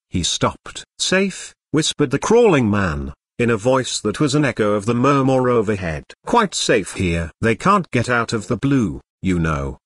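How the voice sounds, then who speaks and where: A male text-to-speech voice reading a first-person novel aloud as an audiobook, with even machine cadence and odd stresses. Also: medium pitch, breathy edge, no echo. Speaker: audiobook narrator.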